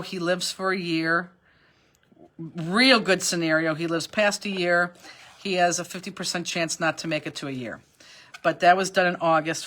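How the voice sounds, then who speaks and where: A woman's voice: fairly low pitch, a bit bright. A middle-aged woman teaches a live craft class from her workspace. She drifts into a long, heartfelt story, circling back with fillers and restarts as she goes. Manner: rambling, chatty, emotional, with frequent fillers and restarts. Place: warehouse workspace.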